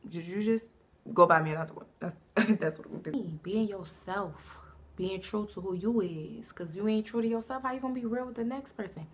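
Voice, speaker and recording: A young woman in her twenties from Savannah, Georgia, talking brashly and profanely about herself to camera, breaking into loud bursts. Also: mid-range voice, a little fast. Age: 20s. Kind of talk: casual self-introduction to camera.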